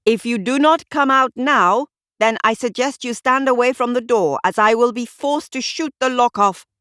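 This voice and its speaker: A woman voicing a sharp, driven male detective who gives urgent commands in an audiobook. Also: mid-range voice, lively intonation, normal speed, no room sound, studio quality, close to an everyday voice. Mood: urgent commanding.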